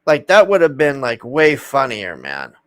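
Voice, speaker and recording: A man ranting casually to his viewers, swearing often and ending his gripes with a drawn-out "man" as his voice drops. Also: medium pitch, wildly swooping pitch, clear, resonant tone, dry recording. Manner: profane, exasperated, trailing off with "man". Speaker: video host.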